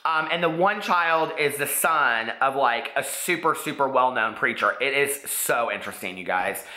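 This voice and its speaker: A man's voice: mid-range voice, expressive, normal speed, bright, forceful tone. Gushing, chatty man in echoey room. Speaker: booktube host. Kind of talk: casual book review vlog.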